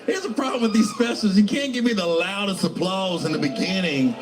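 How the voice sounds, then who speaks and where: Profane, high-voiced male stand-up comedian. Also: a little fast, a crowd in the background, rough recording. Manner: profane, rambling storytelling with repeated restarts.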